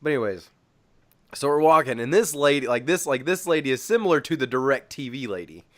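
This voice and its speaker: A man's voice: mid-range voice, expressive, brisk, fairly bright tone, no echo. Young male podcast co-host, rambling storyteller, fillers and laughter, dry sound. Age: young adult. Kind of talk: casual chat.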